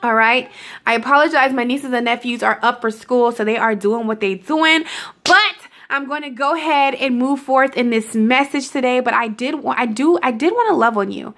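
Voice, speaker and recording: A woman's voice: a little high, moderate pace, fairly bright tone. A young woman giving a casual, affectionate motivational talk to her viewers, calling them honey and laughing often. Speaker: self-love vlogger.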